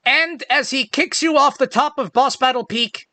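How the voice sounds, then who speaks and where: A man's voice: very high-pitched, normal speed, pushed and bright, no room sound. A man narrating a tabletop game as game master in a loose, casual way.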